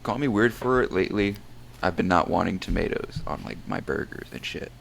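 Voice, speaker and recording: Laid-back young man with a low gravelly voice. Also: lively intonation, fairly quick, slight background noise. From New Jersey. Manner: laid-back, reactive, swears casually. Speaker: podcast co-host. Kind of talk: casual chat.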